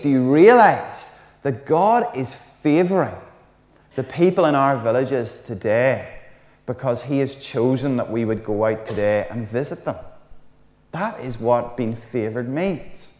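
A man preaches with a lively, conversational manner and throws in jokey asides. His mid-pitched voice rings out with a long reverb tail, as if recorded in a big, roomy hall. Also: unhurried. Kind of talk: sermon.

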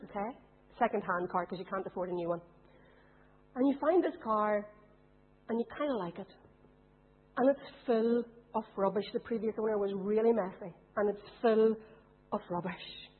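A woman's voice: mid-range voice, moderate pace, long pauses, husky. A woman preaching a sermon, putting questions to her congregation. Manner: asks the congregation rhetorical questions. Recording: tinny phone-like sound.

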